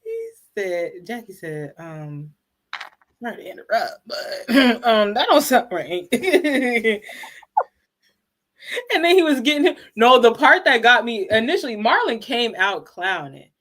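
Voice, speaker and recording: A woman's voice: a little high, sing-song, measured pace, fairly bright tone. A woman co-hosting a casual chat, retelling scenes by quoting people and laughing. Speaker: co-host.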